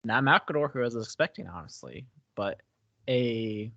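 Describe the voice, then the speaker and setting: A man co-hosting a podcast, chatting about a book in a relaxed, playful way. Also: medium pitch, vocal fry, no echo, dull audio. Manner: relaxed, quick to agree, playful. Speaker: podcast co-host. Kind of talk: casual book review chat.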